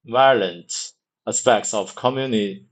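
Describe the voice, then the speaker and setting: Slow, halting man. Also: on the low side, low-quality recording. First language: Mandarin. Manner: halting, repeats words many times, restarts. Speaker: reader practicing English. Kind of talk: reading a book aloud for pronunciation practice.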